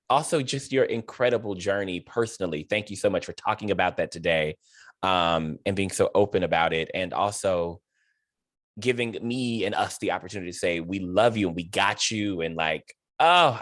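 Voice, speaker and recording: A man's voice: sits low, normal speed, fairly bright tone, no echo, studio quality. A man hosting a video-call interview, talking in an effusive, emotional way with many fillers and restarts. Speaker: host.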